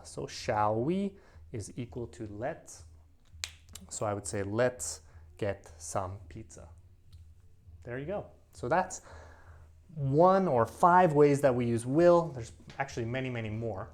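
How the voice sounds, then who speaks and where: A middle-aged man teaching an English grammar lesson to camera, acting out little example sentences in an animated way. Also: mid-range voice, measured pace.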